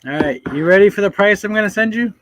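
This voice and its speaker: A man hosting a reptile breeder's live stream, chatting with callers in loud, teasing, swearing banter. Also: high-pitched, fast, no room sound, rough recording. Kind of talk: casual chat with callers.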